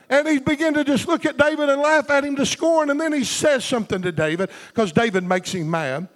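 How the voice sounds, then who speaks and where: A pastor delivers a fervent sermon in rhythmic bursts, calling for amens. His voice sits very high for a man. The sound rings with a long reverb from a large hall. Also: fairly bright tone. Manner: fervent, rhythmic, call-and-response preaching.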